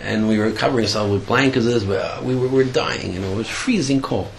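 Gravelly man telling a sermon story. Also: lowish voice, slight background noise, rough recording. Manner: halting, clears throat often.

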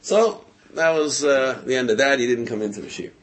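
Speaking fairly quickly in a mid-range voice, a man recounts a religious story with a relaxed, lively feel, his telling peppered with hesitations, filler words and chuckles.

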